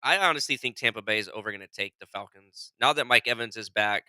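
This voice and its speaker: Man, radio co-host, smooth bright voice, hesitant and agreeable, dry mic. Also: lowish voice, dry recording. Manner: hesitant, agreeable, quick asides. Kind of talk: casual sports talk.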